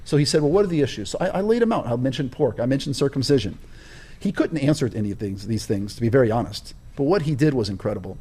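Warm and a bit breathy, this mid-range male voice moves fast with lively intonation. He tells his own story as an interview guest, stressing important words the way a preacher would.

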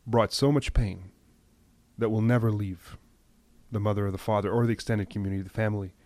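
A man giving impassioned news commentary, emphatic at times and dropping to a hushed, grave tone. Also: on the low side, fairly even intonation, a little fast, slight background noise. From United States.

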